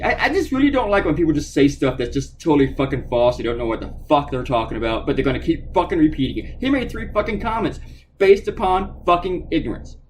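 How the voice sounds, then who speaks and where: A man's voice: mid-range voice, poor audio. A middle-aged man, a cartoonist, ranting angrily and profanely while drawing on a live stream. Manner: angry, profane, animated.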